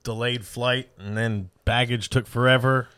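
A man's voice: mid-range voice, fairly even intonation, unhurried, a bit bright, smooth, no echo. Exasperated man in dry casual chat. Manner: exasperated, swears a lot. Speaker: podcast host.

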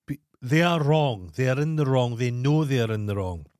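A man's voice: medium pitch, expressive, normal speed, a little mellow, smooth, no room sound, clean studio sound. A Scottish man co-hosting a podcast, chatting casually with blunt, wry remarks. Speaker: podcast co-host. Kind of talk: casual chat. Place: studio.

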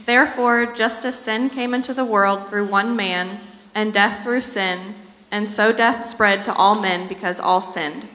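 A woman reading a scripture passage aloud during a church service, steady and measured. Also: medium pitch, long reverb tail, poor audio. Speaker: scripture reader.

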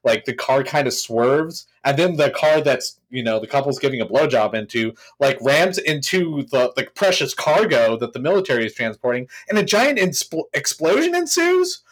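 A man's voice: medium pitch, normal speed, few pauses, husky. A man co-hosting a podcast, chatting casually about a film and acting out its scenes with lots of "like" fillers. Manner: animated, acts out scenes, many "like" fillers. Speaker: podcast co-host. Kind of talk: casual film review chat.

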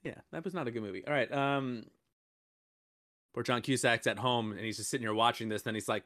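A man's voice: medium pitch, a little fast, a bit bright, no echo, clean studio sound. Joking, rambling man on a podcast. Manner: joking, rambling, stumbles over words. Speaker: podcast co-host. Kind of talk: casual podcast banter.

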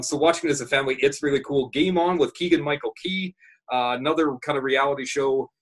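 Husky-voiced man chatting. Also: mid-range voice. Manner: animated, playfully dramatic. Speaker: show panelist reviewing TV. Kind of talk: casual chat.

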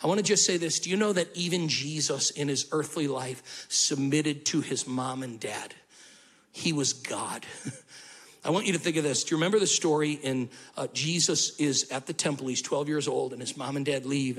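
A male pastor preaching a sermon in an animated way, with humorous asides and acted-out quotes. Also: on the high side, moderate pace, slightly rough.

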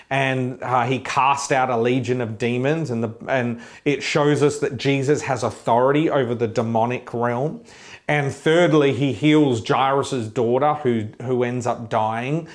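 A male pastor preaching an online sermon with fervent, declaring encouragement and repeated questions for emphasis. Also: mid-range voice.

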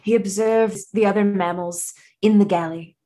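A woman putting on a British accent to play a nature-documentary narrator, telling a scene with measured, dramatic delivery. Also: mid-range voice, fairly even intonation, dark tone, close to an everyday voice. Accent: British (put on).

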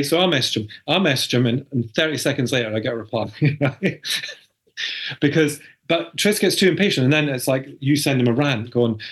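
A man's voice: medium pitch, lively intonation, brisk. A middle-aged man, a podcast guest chatting casually and acting out family conversations as he tells stories. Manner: chatty storyteller, acts out family dialogue. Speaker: podcast guest, spouse of a host. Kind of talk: casual chat.

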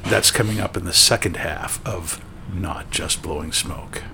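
A man's voice: low-pitched, a little slow, creaky. A man hosting a casual chat show, rambling with many fillers and restarts. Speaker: podcast host.

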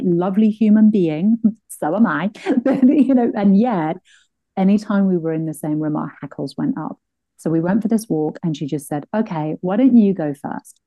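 A middle-aged woman with a low, deeply mellow voice, hosting a conversation. She tells stories with animation, laughing often and acting out quotes. The sound is close and dry. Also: no room sound, poor audio. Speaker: podcast host. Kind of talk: conversational interview.

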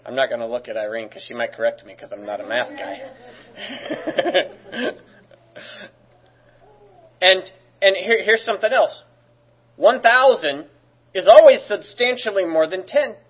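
Husky-voiced pastor preaching. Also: male voice, sits high, very animated, measured pace, pauses often, highs cut off. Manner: conversational, joking asides. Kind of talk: sermon.

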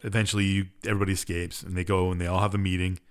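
Low-voiced man rambling through a recap. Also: little pitch movement, racing, smooth. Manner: rambling retelling, offhand and dismissive. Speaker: podcast co-host. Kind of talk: casual game recap chat.

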